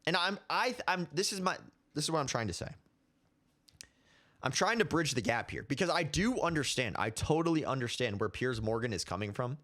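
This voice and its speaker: A man's voice: fairly high pitch, lively intonation, fairly quick, fairly bright tone. A man in his twenties hosting his own commentary show, ranting heatedly and repeating himself. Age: 20s. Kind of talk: casual opinion commentary.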